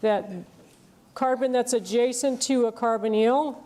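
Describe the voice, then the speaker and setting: Woman lecturing on chemistry, bright pitch. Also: fairly even intonation, measured pace. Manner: explanatory, checks in with "okay?" and "right?". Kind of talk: university lecture.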